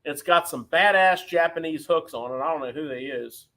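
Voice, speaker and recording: A man's voice: on the high side, normal speed, pushed and bright. A man hosting a live fishing tackle show from his shop, chatting casually and explaining gear as he shows it. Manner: talkative, explains gear hands-on. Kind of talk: casual live-stream chat.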